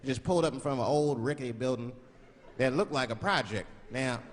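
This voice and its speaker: A man from Washington, D.C., doing animated, profane stand-up comedy on a large theater stage and switching between voices. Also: mid-range voice, fast. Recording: echoey hall, loud crowd laughter.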